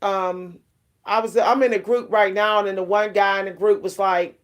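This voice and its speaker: A woman's voice: mid-range voice, fairly even intonation, normal speed. A middle-aged woman vlogs about self-care in a loose, frank, conversational way. She rambles, restarts her thoughts and leans on fillers as she talks straight to her viewers. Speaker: vlogger.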